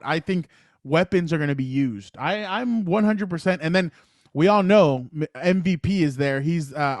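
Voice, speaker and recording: A man co-hosting a sports podcast, his voice sitting a bit high for a man. He rambles with excitement and jumps between thoughts. The sound is dry and close, with no room around it. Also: dry recording. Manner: excited, rambling, retells matches with quoted voices. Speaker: podcast co-host. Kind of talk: casual sports chat.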